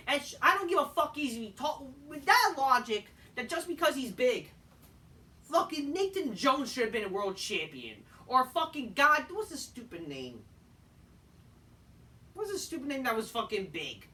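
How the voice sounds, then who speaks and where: A tired man casually reviewing a wrestling show, rambling and swearing, often erupting into shouted rants. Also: extremely high pitch, sing-song, moderate pace. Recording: distant mic with faint background noise.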